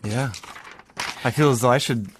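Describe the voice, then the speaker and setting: A man co-hosting a podcast in casual chat, slowly explaining what words mean as he goes. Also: medium pitch, noisy background. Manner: thoughtful, explains word meanings slowly. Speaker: podcast co-host.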